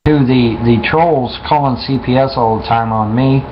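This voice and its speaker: A man's voice: medium pitch, normal speed. A man casually telling a long story to his listeners, profane and rambling, often repeating and restarting himself. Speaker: streamer talking to listeners. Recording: muffled with clear background noise.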